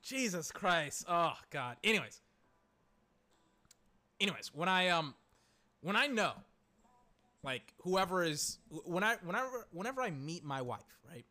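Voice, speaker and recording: A man chatting casually and excitably, rambling, swearing and exclaiming, his voice cracking. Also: high-pitched, a little slow, pauses often. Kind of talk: casual chat.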